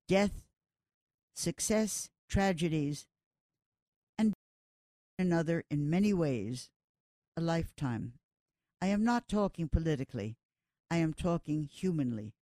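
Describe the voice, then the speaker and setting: An older gossip columnist reading a personal column aloud in a measured, deliberate way, in short phrases. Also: medium pitch, dark tone, dry recording, clean studio sound.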